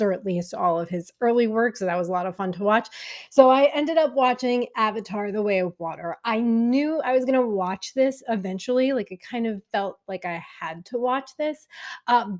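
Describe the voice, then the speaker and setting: A woman's voice: medium pitch, a little mellow. A woman casually reviewing films she watched, chatty and candid, with frequent fillers. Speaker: film vlogger.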